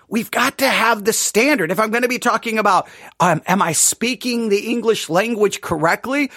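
A man's voice: sits high, bright, forceful tone, no room sound, clean studio sound. A man teaching a casual Bible study podcast, talking conversationally and checking in with listeners by asking "right?" throughout.

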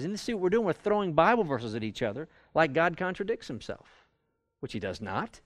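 Animated man teaching a Bible class. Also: a little high, brisk, no room sound, studio quality. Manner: conversational, animated, acts out quoted arguments. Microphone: recorded for audio with a live class.

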